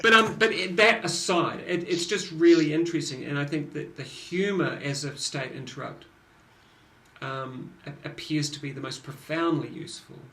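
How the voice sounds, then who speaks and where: A man co-hosting a casual conversation, telling stories in an animated way with many restarts. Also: fairly high pitch, moderate pace. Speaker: podcast co-host. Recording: echoey room with faint noise.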